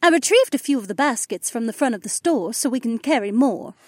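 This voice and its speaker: An eager young woman who loves cooking speaks high and lively, as a man puts her on. She sounds bright and upbeat, an audiobook character voiced by the narrator. The recording is dry and close. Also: fairly quick, no echo.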